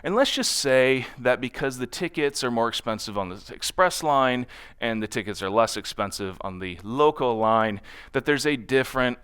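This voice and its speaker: A man speaks at a conference in a loose, conversational way, tagging his points with quick check-ins to the crowd. His voice is smooth and resonant, and he sits at an ordinary middle pitch. He slips into other people's voices when he quotes them. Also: lively intonation, a bit bright. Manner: conversational, constantly checks in with "right?". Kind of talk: conference talk. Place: conference stage.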